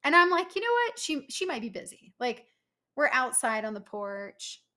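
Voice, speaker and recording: A woman's voice: high-pitched, very animated, normal speed, bright, forceful tone. A woman co-hosting a podcast, telling an emphatic story in casual chat with lots of filler words. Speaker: podcast co-host.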